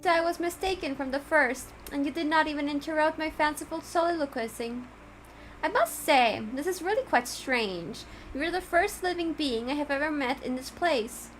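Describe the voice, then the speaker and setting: A woman's voice: high-pitched, lively intonation, moderate pace, a little hiss or hum, voice pushed up, poor audio. A woman reading the lines of a pompous, verbose male cat with formal, flowery speech, in a game. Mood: bemused.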